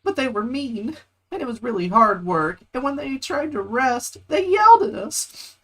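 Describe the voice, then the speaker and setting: A man voicing a frightened young girl in a high, plaintive voice, read during a game stream. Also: big pitch swings, normal speed, a bit bright, heavily acted. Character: frightened young girl escaped from forced labor.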